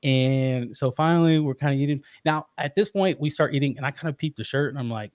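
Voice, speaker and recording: A man in his thirties telling a personal story in casual conversation, animated and laughing often. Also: mid-range voice, brisk, hardly any pauses, no room sound, studio quality. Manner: animated, laughs often, acts out quoted voices. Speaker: podcast guest.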